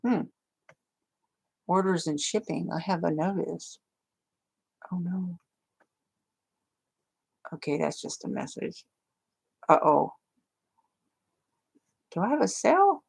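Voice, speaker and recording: A woman's voice: on the low side, expressive, takes it slowly, vocal fry, long pauses, a little mellow, breathy edge. A woman rambling chattily to viewers of her livestream, full of fillers. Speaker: crafting livestream host. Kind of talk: casual livestream chat.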